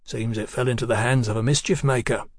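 A male narrator voicing a dry, deliberate Victorian police detective who questions politely and speaks in measured tones. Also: mid-range voice, steady tone, no room sound, natural voice.

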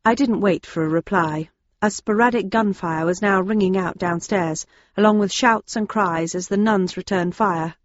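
A woman narrating a first-person audiobook in a steady, understated way. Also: medium pitch, normal speed, no room sound, lo-fi sound.

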